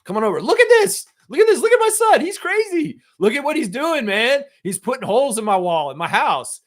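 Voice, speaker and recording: A man putting on the voice of an over-excited neighbor who brags about his son's damage. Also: brisk. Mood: manic glee. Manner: shrill, over-the-top excited bragging. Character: giddy proud neighbor dad, grown man.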